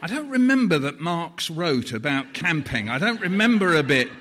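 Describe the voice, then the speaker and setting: A British man in his seventies gives a playful live storytelling talk from a stage in a large hall, slipping into voices for the people he quotes. His voice sits a little high and is very animated and a bit bright, at a normal speed. The recording has long hall reverb and slight background noise.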